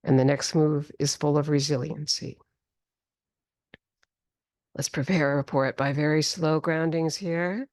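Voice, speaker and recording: A woman teaching a qigong and tai chi class, giving calm, slow instructions and drawing out the healing sounds. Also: low voice, no echo, clean studio sound. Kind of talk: guided movement class. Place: studio class in the city.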